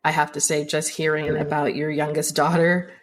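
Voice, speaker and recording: A woman's voice: low-pitched, level tone, normal speed. A woman co-hosting a podcast, speaking in a thoughtful, supportive way. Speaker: podcast co-host. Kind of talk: casual chat.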